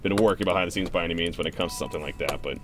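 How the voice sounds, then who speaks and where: Streaming a game, a young man with a low-sitting voice races through excitable commentary on his play, shouting at big moments and rambling through answers to viewer questions.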